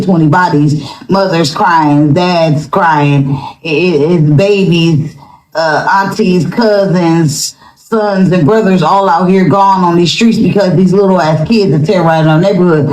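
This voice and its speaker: A speaker giving a forceful, opinionated monologue, repeating phrases for emphasis. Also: medium pitch, echoey room, rough recording.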